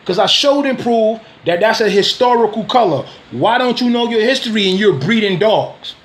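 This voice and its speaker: A man's voice: sits high, lively intonation, normal speed. A man ranting on a casual video, confrontational, using street slang, repeating himself and laughing scornfully between points. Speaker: dog breeder and vlogger.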